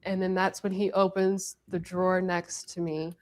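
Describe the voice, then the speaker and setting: Low, flat-voiced woman recounting events. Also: moderate pace. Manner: earnest, narrative, repeating herself. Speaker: interviewee. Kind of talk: recounting in a TV interview.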